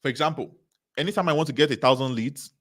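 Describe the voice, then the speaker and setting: A man's voice: on the high side, fast, fairly bright tone. A man giving a motivational talk at a business seminar, speaking emphatically, repeating key phrases and asking the audience rhetorical questions.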